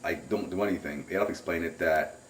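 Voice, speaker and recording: A man recounting a camping trip in a rambling, excitable way, caught on a distant mic. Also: sits low, fairly quick. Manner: rambling, excitable storyteller who acts out remembered shouts. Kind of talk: casual spoken recollection. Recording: roomy, distant home recording.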